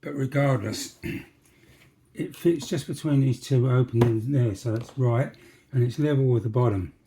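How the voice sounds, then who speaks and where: Talking a little slowly in a medium-pitched, dark-toned voice, a man narrates his model railway build at the workbench, throwing in jokey asides. The recording carries a slight hiss or hum.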